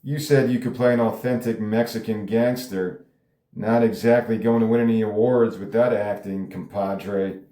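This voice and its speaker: A man's voice: on the low side, fairly even intonation, moderate pace, dark tone, lightly acted. A man reading the part of a weary, old-school male TV newsman, with a curt, sarcastic delivery. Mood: gruff. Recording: roomy echo.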